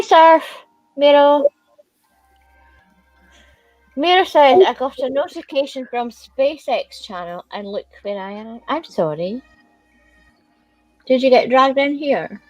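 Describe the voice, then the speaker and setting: A Scottish woman hosts a casual livestream in a fairly high, animated voice. She talks fast and loose and swears freely. Her voice is close and dry, with faint music underneath. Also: no room sound, lo-fi sound. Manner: lively, swearing, exclaiming. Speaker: livestream host. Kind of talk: casual chat.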